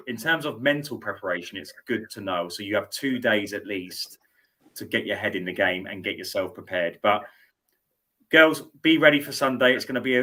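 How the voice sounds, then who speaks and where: A middle-aged man with a lowish voice, hosting a sports show in loose, casual studio chat. He rambles and repeats words as he works out what to say. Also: pushed and bright. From United Kingdom.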